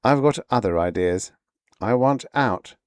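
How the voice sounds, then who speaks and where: A man's voice: lowish voice, expressive, measured pace, a little mellow, clean tone, no echo, clean studio sound. A man voicing a tense, impatient male rocket pilot in a read-aloud story, barking and sarcastic. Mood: dry.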